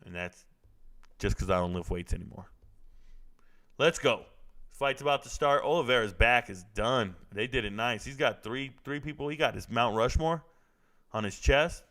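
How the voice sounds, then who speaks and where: A young man hosts a live stream and reacts to a fight, trading loose jokes with the people in chat. He talks at a normal speed with a medium pitch and a fairly bright tone, keeping the commentary casual.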